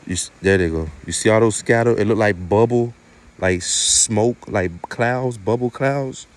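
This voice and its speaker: A man vlogging outdoors at night in the wind, talking quietly and mellow in a preachy way and swearing often. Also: fairly low pitch, a little slow. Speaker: spiritual vlogger. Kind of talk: casual outdoor vlog.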